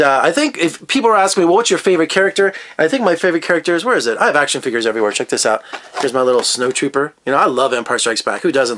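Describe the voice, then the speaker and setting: Middle-aged male critic, eager and scattered, talks fast in a fairly high register. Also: a bit bright. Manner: enthusiastic, rambling, jumps between topics. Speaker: film critic. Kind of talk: casual video review.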